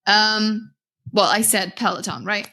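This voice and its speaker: A woman's voice: medium pitch, level tone, a little slow, bright, forceful tone. An American woman hosting a trade podcast in casual chat, chatty and laughing often, sometimes losing her thread mid-story. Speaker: podcast host.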